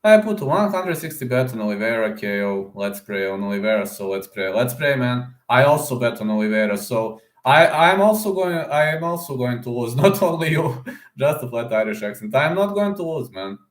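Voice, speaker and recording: A man's voice: mid-range voice, lively intonation, moderate pace. Chatty man livestreaming in an echoey room. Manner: chatty, many fillers and "man", reads chat aloud. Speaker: livestream host making fight predictions. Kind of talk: casual livestream chat answering viewers. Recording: roomy echo.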